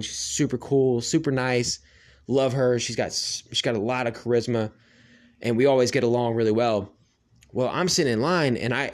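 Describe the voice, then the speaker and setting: A man in a casual ranting monologue, swearing freely and rambling with lots of "like" fillers. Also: medium pitch. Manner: profane, rambling, heavy "like" fillers.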